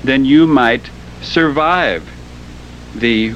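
A man speaking a slow, deliberate, solemn message that was recorded on tape. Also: medium pitch, fairly bright tone, muffled recording, slight background noise. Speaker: cult leader on a recorded tape.

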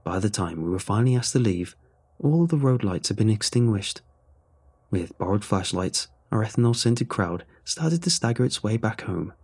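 A man narrating a horror story in a measured, brooding way. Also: on the low side, a little mellow, slightly rough.

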